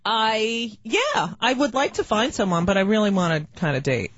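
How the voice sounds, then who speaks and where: A woman's voice: medium pitch, expressive, normal speed, no room sound, muffled recording. Rambling, self-mocking woman comedian. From New Jersey. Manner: rambling, self-deprecating, breaks into shrieks. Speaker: guest comedian. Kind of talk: casual chat.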